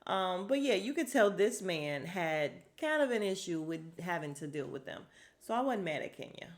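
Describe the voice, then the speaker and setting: A woman recaps a reality show solo on her podcast, chatty and exasperated, acting out lines from the cast. Her voice is on the low side with big pitch swings, and she speaks at a normal speed.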